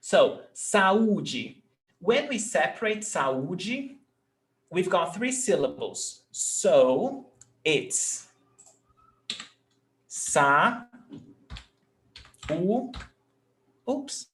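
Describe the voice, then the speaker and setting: A man's voice: high voice, big pitch swings, drawn-out words, slight background noise. A male Portuguese teacher giving an online lesson, patiently explaining grammar rules step by step and often checking that his student understands.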